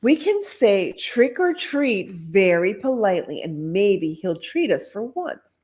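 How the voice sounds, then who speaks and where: A woman voicing a sweet, gentle little witch who speaks politely. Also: mid-range voice, very animated, takes it slowly.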